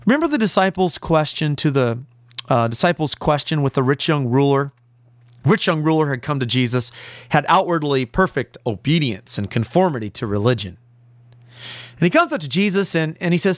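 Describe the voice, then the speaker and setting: A man's voice: fairly high pitch, sing-song, moderate pace, no room sound. A male pastor preaching a sermon, emphatic, building his points through repeated rhetorical lists.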